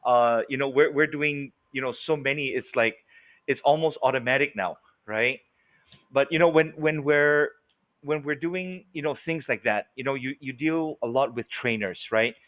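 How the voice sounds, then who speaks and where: A man's voice: mid-range voice, normal speed. A man co-hosting a casual live interview, asking rambling questions with many fillers. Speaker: co-host. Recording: phone-like call audio.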